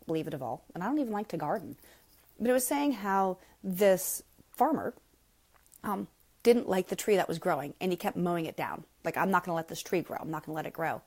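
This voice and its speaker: A middle-aged parenting coach hosts a live Q&A, answering viewer comments as they arrive. She speaks bluntly and frankly, pressing her points hard, and her pitch leaps sharply upward whenever she gets animated.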